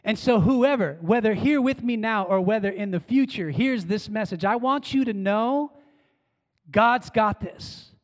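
A man preaches with a bright, high-pitched voice, leading his congregation in call-and-response. He moves between strong, emphatic lines and soft, hushed phrases. His voice rings out in a church with a long, lingering reverb. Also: lively intonation, moderate pace, hardly any pauses. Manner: dynamic, swinging from emphatic calls to hushed words. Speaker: pastor. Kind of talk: sermon. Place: church sanctuary.

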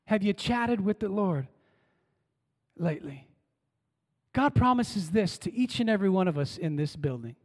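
A male pastor preaching a sermon in a church, trading calls and responses with the congregation and swinging from emphatic lines to hushed ones. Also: sits high. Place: church sanctuary. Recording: long church-hall reverb.

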